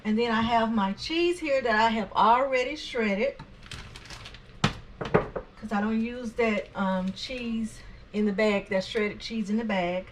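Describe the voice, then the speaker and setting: A woman's voice: on the high side, slow, slight background noise. A woman hosting her home cooking channel, chatty and homey, with many fillers and restarts as she walks through a recipe in her kitchen. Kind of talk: casual home cooking tutorial.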